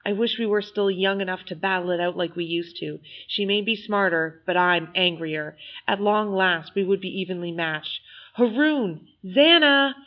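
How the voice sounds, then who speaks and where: A woman narrates a novel in first person, reading in a measured yet expressive way. Her voice sits somewhat low. The recording sounds slightly muffled and lo-fi. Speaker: audiobook narrator.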